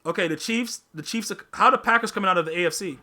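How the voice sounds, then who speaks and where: Guy hosting a live stream, high bright voice, slangy, keeps repeating himself, teases the chat. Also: fast talker. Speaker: podcast host reading live chat. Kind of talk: casual livestream chat.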